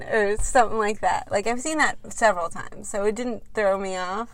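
A woman's voice: medium pitch, steady tone. A woman in casual chat about a book, blunt and swearing freely. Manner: blunt, swears, quick asides.

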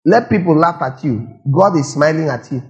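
A man's voice: on the high side, lively intonation, normal speed, faint music behind. A man preaching a sermon, firing rhetorical questions and repeating lines for emphasis. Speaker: pastor.

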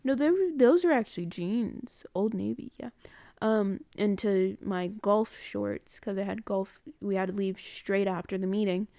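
Woman, casual audio diary, rambling storyteller, mellow voice, dry close sound. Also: mid-range voice, measured pace, dry recording. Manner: rambling, chatty, corrects herself mid-sentence. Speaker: student recording a personal audio diary.

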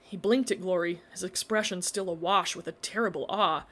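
A woman's voice: on the low side, moderate pace, fairly bright tone. Woman reading a story aloud. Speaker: narrator. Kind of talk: scripted storybook narration.

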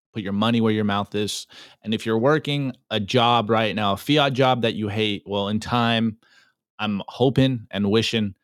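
A man hosting a solo podcast, reading memes aloud and rallying listeners, swinging from fired-up calls to low, earnest asides. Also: dry recording, clean studio sound. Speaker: podcast host.

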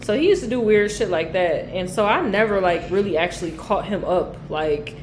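A woman's voice: mid-range voice, expressive, normal speed, echoey room, slight background noise, poor audio. A young woman co-hosting a podcast, talking bluntly and animatedly and swearing freely. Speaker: podcast co-host. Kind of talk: casual chat.

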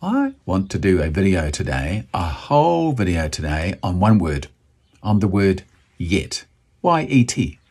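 A man's voice: low-pitched, sing-song, measured pace, darkish tone, breathy edge. A man from New Zealand with a New Zealand accent, hosting a motivational video and talking enthusiastically to camera, at times bantering with himself.

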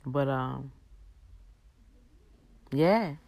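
Hosting a casual faith livestream, a woman exhorts earnestly in a preacher-like style with drawn-out emphasis, while tired and yawning. Her voice is extremely low-pitched, creaky and slightly mellow, with no room sound.

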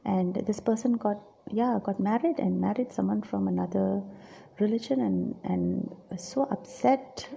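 A woman's voice: mid-range voice, unhurried, creaky, warm tone, slight background noise. A middle-aged woman giving a reflective, confessional Bible teaching, acting out her own inner voice.

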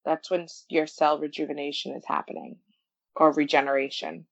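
Young Brooklyn woman, New York accent, gravelly low voice, chatty podcast co-host, dry dull sound. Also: little pitch movement, a little fast, no room sound. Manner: chatty, laughs often, says "like" a lot. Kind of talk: casual chat.

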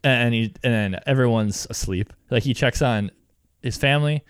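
A man's voice: medium pitch, normal speed, clean tone, no echo, studio quality. A young man co-hosting a casual podcast, recapping a cartoon episode in a rambling way, full of "like", swearing and laughter. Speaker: podcast co-host.

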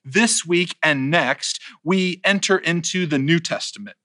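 A man's voice: on the high side, a little slow, bright, forceful tone, no echo, studio quality. A man preaching a sermon in a conversational way, checking in with his listeners as he retells stories.

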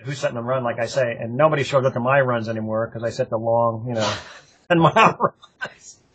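This older interview guest, a longtime member of a running club, has a medium-pitched voice that's a bit bright and slightly rough, and he speaks a little fast. In easygoing anecdotal style, he rambles through profane memories of the club, often breaking into laughter.

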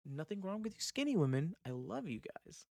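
A man's voice: high-pitched, sing-song, moderate pace, creaky, a little mellow, dry recording. A man hosting a casual podcast chat, rambling and swearing, with lots of fillers and trailing off, on a close mic. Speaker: podcast host.

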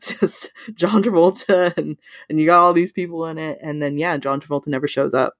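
A woman co-hosting a podcast, chatting casually about a film, with lots of "like" fillers and big pitch leaps when she quotes her own thoughts. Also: steady tone, fairly quick, no echo, clean studio sound. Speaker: podcast co-host. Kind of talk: casual movie discussion.

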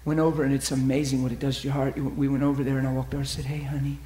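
A man telling ministry stories in a sermon, acting out the people he quotes and dropping to a soft near-whisper at tender moments. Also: medium pitch, level tone, rapid-fire, echoey room, a little hiss or hum. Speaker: preacher. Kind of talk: storytelling sermon.

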